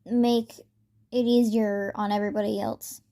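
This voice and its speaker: A woman's voice: medium pitch, little pitch movement, measured pace, dark tone, close to an everyday voice. A woman voicing a hot-tempered teenage boy bully who snarls insults in a fan story reading. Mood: scornful.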